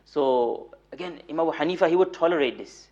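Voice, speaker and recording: A young man giving a mosque lecture, with a voice set a touch higher than most men's. He tells his stories at a brisk clip and repeats phrases to drive them home. The recording sounds dull and lo-fi. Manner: animated storyteller, repeats words for emphasis, light humor; recites Arabic rapidly. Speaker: moulana giving a weekly lecture.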